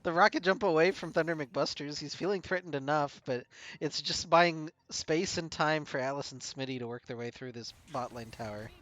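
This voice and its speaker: A man casting a live esports match play-by-play, brisk and chuckling often between calls. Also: on the high side, fairly bright tone, no room sound. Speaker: play-by-play caster.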